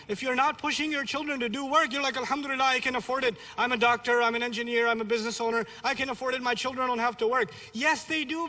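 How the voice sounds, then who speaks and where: A man's voice: very high voice, sharp tone. A man in his thirties from a Pakistani family raised in New York City, giving a blunt, humorous religious lecture. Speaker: Islamic lecturer. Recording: long reverb of a lecture hall.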